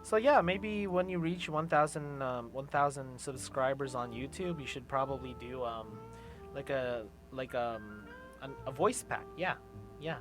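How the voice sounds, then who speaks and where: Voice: medium pitch, measured pace, over music. A streamer hosting a casual chat, playful and laughing often, trailing off into fillers. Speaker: streamer host.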